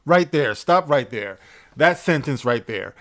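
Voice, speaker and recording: A man's voice: medium pitch, expressive, unhurried, a bit bright. A man hosting an opinionated commentary video, reading from a news article and answering it in a sarcastic, emphatic way with blunt profanity. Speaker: commentary channel host.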